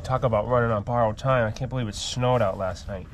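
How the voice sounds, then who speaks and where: A man talks his viewers through an outdoor DIY job in a relaxed, chatty how-to vlog. He explains each step plainly, with frequent ums along the way. His voice sits in an ordinary middle pitch, with a faint hiss of noise behind it. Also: fast talker. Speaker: homesteading channel host. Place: outdoors by a wood boiler after snowfall.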